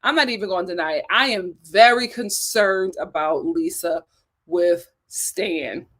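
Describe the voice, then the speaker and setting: A woman's voice: on the low side, a little slow, fairly bright tone. A young woman hosting a casual live stream, chatting animatedly, reading viewer comments aloud and laughing often. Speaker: live-stream host reviewing a reality show.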